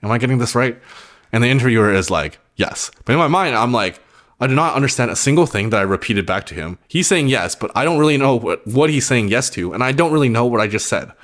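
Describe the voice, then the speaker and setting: A man's voice: medium pitch, expressive, fast talker, fairly bright tone. A young man casually telling a personal story on his vlog, rambling and filling nearly every phrase with "like". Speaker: vlogger.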